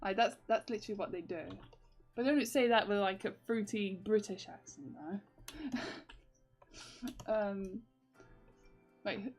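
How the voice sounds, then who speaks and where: A woman's voice: medium pitch, slow pace, pauses often. A young woman chats on a stream in a mid-range voice, rambling with many fillers and frequent laughter. Faint music plays behind her. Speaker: comic artist streaming. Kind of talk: casual livestream chat.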